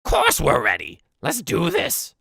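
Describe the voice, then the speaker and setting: A man voicing a small, bloodthirsty male goblin chieftain who speaks in a shrill, shouting voice. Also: huge pitch swings, slow pace, gravelly, slightly rough, no echo, studio quality, exaggerated voice. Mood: brash.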